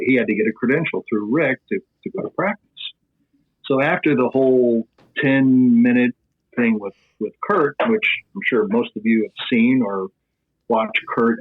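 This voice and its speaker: Man, Midwestern accent, middle-aged, husky, animated storyteller, phone-like sound. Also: medium pitch. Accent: Midwestern American. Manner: animated anecdote-telling with filler "blah, blah". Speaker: sports broadcaster guest. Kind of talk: podcast storytelling. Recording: tinny phone-like line.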